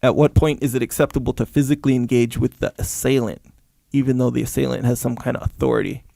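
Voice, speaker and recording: A man's voice: mid-range voice, fairly even intonation, quick pace, gravelly, warm tone, dry recording, clean studio sound. A man co-hosting a podcast, reading out a listener question and chiming in with short agreements. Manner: reads questions, brief agreeing interjections. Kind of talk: casual podcast talk.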